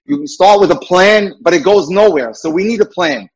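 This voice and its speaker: A man's voice: high-pitched, normal speed, husky, poor audio. A man working as a dating mentor, giving an earnest lecture full of rhetorical questions.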